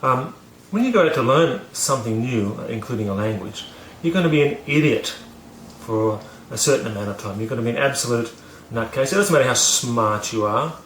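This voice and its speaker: A man's voice: mid-range voice, lively intonation, fairly quick, fairly bright tone, reverberant, a little hiss or hum. A man casually telling a story to camera, rambling with many fillers and restarts, poking fun at himself. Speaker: vlogger teaching about learning.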